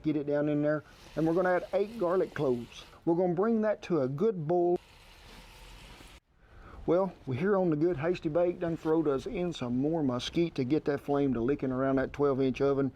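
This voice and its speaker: A man's voice: a little high, warm tone, muffled recording. A man hosting a cooking show, walking through a recipe in a folksy, homespun drawl.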